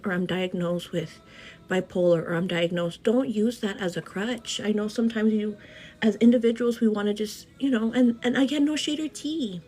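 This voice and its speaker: A young woman talks fast and passionately into her phone camera at home, doing her makeup as she goes. She keeps calling the viewer "girl" and leans on "you know" while giving an earnest pep talk. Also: mid-range voice, dark tone, low-quality recording. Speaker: beauty vlogger. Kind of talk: get-ready-with-me motivational chat. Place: home, indoors.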